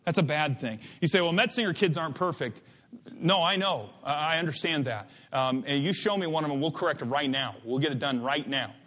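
A man preaching a sermon, animated and emphatic, drifting into asides and restarting his sentences. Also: fairly high pitch, brisk, few pauses. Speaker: pastor.

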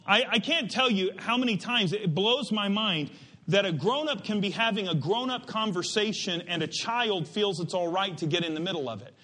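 A man preaching a sermon, animated and emphatic, drifting into asides and restarting his sentences. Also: high voice, moderate pace. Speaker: pastor.

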